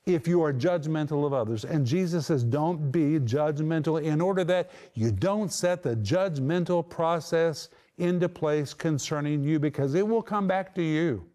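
A man's voice: a little high, dark tone. A male preacher delivers a sermon with a slightly raised voice. He speaks earnestly and with emphasis. He repeats his key phrases to drive them home.

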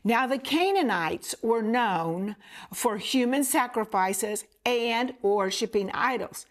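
A woman's voice: fairly high pitch, animated, takes it slowly. A woman preacher telling a scripture story in an emphatic, repetitive way, often asking the listener questions. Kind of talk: sermon.

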